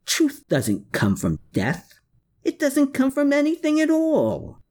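A man's voice: very high voice, wildly swooping pitch, takes it slowly, darkish tone, pitched above the performer's own voice, exaggerated voice. A man reading a cruel snarling man. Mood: cold taunting. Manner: snarling, raised voice. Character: bitter contemptuous man, cruel and sneering.

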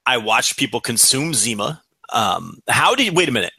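A man's voice: medium pitch, very animated, normal speed, vocal fry, sharp tone, slightly rough, no room sound. A man co-hosting a podcast in a casual chat, teasing his partner with dry, wry humor. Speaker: podcast co-host.

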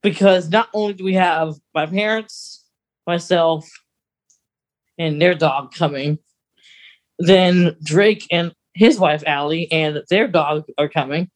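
A young man co-hosting a podcast, chatting casually in a rambling way with quick laughs. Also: on the high side. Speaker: podcast co-host. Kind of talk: casual chat.

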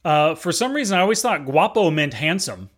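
A man's voice: fairly high pitch, big pitch swings, a little fast, husky. A man co-hosting a casual movie discussion, easygoing and agreeable. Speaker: podcast co-host.

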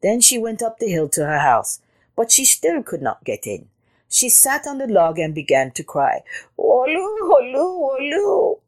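A woman hosting a children's story channel, reading a storybook aloud with expressive sound words. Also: lowish voice, moderate pace. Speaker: storyteller host.

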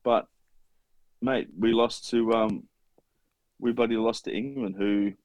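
Blunt, sweary Australian bloke, low voice. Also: male voice, fairly even intonation, takes it slowly, a little mellow. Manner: blunt, sweary banter, trailing ums. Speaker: podcast co-host. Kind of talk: casual chat.

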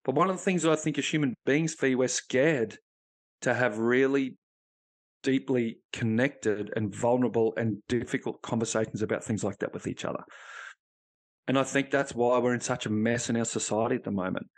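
A man speaking as a podcast guest, telling a personal story in a frank, unpolished way. His pitch sits in the middle range for a man. He swears freely and slips into the voices of people he quotes as he recounts conversations. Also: moderate pace. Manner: blunt and profane, acting out remembered dialogue.

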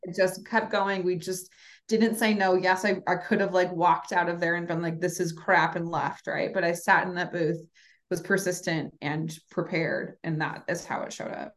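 A woman in her thirties, a podcast guest telling a story in a casual, animated way, full of fillers, who acts out the voices she quotes. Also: lowish voice, normal speed. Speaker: podcast guest, lingerie brand founder.

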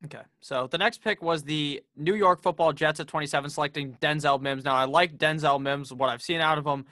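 A man's voice: a little high, steady tone, brisk, sharp tone, no echo, studio quality. A man hosting a casual sports podcast, joking and swearing freely as he runs through picks. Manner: profane, joking, brash. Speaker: podcast host.

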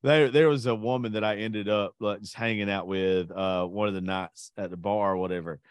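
With a fairly low, smooth voice recorded in a clean studio with no echo, this man talks fairly quickly as a podcast co-host. His crude, casual chat is full of profanity and bragging tales in which he acts out quotes with gusto.

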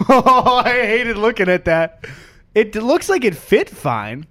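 A young man with a fairly high voice who keeps laughing as he co-hosts. He calls out what is happening play by play, and his tone rises and falls a lot. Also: big pitch swings, slow, pushed and bright. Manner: laughs often, gives playful play-by-play. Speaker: podcast co-host. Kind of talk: casual chat.

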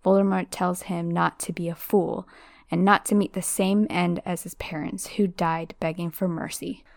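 A woman reading a novel aloud, slowing for the dramatic parts, then chatting casually about it. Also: lowish voice, creaky, no room sound, studio quality. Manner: expressive, slows down for dramatic moments.

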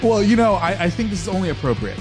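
A man's voice: high voice, very animated, fast talker, over music. A man co-hosting a casual podcast, joking around, laughing often and fumbling his words. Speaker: podcast co-host.

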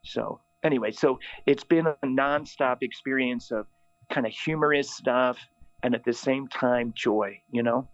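A middle-aged priest telling a funny story in conversation, animated and laughing often. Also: male voice, mid-range voice, measured pace, no room sound. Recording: dull, dry lo-fi sound.

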